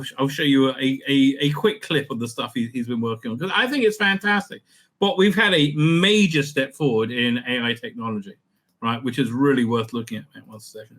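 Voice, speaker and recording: A man with a bright, forceful voice, talking in an excitable, stammering rush. He reads messages aloud and fires back with quick reactions. He pitches a touch high for a man. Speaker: vlog host. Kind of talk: casual commentary.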